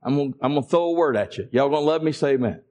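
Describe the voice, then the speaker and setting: High-voiced preacher with a rising build. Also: male voice, expressive, very fast, mellow. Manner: calls to the congregation in a Southern US vernacular. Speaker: pastor. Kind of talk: sermon.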